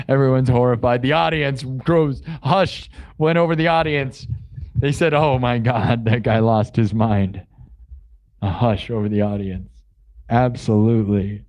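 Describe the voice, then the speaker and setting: A man's voice: mid-range voice, darkish tone. A young man hosting a casual livestream, rambling and silly, laughing at his own jokes. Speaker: livestream host and improv musician.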